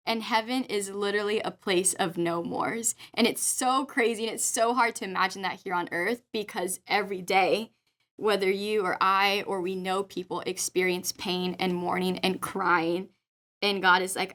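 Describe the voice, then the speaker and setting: A young woman leads a church morning devotional with a bright, eager voice. She reads scripture with feeling and speaks plainly between verses. Her pitch sits in the middle range for a woman. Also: steady tone, moderate pace. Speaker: youth leader. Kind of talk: daily devotional talk.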